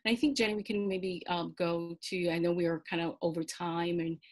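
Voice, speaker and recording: A woman from Belize speaking as a guest on a webinar video call, then reciting a spoken-word poem with slow, dramatic emphasis. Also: fairly low pitch, flat delivery, slight background noise.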